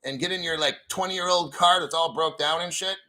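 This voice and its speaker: A man's voice: on the high side, fairly even intonation, fairly quick, pushed and bright, low-quality recording. A middle-aged man hosting a livestream, ranting in a foul-mouthed, combative and rambling way. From United States. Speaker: crypto livestream host. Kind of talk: profane ranting livestream talk.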